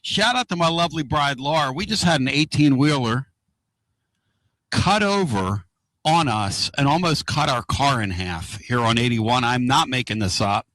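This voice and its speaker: A man hosting a casual radio talk show from inside a moving car, excitable and rambling. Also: mid-range voice, moderate pace, dry recording. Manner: excitable, rambling and loud-mouthed.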